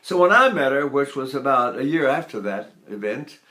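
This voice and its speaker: An older man in his eighties teaches voice in a mid-range voice, unhurried and explanatory. He breaks off now and then to sing a note or breathe to show a point. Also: mid-range voice, animated, sharp tone. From United States. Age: 80s. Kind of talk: spoken vocal lesson with sung demonstrations.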